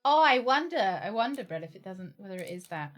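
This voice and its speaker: Giggly woman streamer, lively voice. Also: medium pitch, brisk, faint music behind. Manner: giggly, chatty and playful, talks to chat. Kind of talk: casual gameplay commentary.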